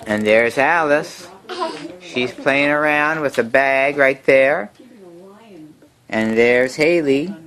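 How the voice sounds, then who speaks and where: Very low-voiced woman reading a picture book. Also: slow, long pauses. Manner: gentle, coaxing, asks the children questions. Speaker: reader to young children.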